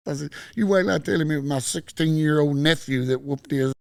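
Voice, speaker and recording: Animated Texan man telling stories. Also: a little high, brisk, gravelly, no room sound. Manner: animated, acts out every quoted line in the story. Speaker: podcast guest. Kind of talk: storytelling in casual podcast chat.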